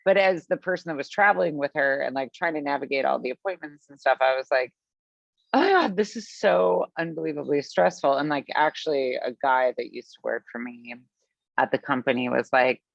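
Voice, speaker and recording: A woman from the Midwest, a podcast guest telling a long story in a chatty, animated way, full of fillers and acted-out quotes. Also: rumbling low, fairly quick, creaky, no echo. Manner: animated, chatty, filler-heavy, acts out her own past lines. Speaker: podcast guest, business founder. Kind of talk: storytelling in conversation. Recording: dull, lo-fi, dry sound.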